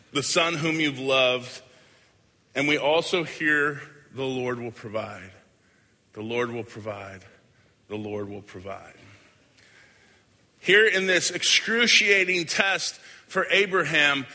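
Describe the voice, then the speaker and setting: A man preaching a sermon as a pastor, earnest and deliberate, often letting his lines fade softly at the end. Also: on the high side. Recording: hall with long reverb.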